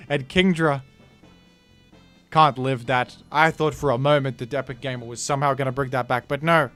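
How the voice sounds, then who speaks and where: A man hosts and commentates a live online game tournament in a mid-range voice at normal speed, with soft music in the background. He's excitable and playful, swinging from loud hype to quiet thanks.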